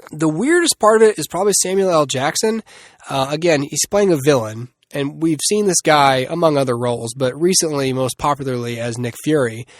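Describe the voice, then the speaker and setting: A man's voice: mid-range voice, no echo. Rambling man reviewing a movie, dry close mic. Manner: rambling, self-interrupting, many fillers. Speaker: podcast host. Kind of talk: solo movie review podcast.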